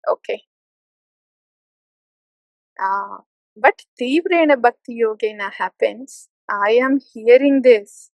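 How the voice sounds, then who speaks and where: Woman spiritual teacher, high voice, dry close recording, playful then urgent sermon delivery. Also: dry recording, rough recording. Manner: playful, mimics complacent listeners with soft laughs. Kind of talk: devotional talk.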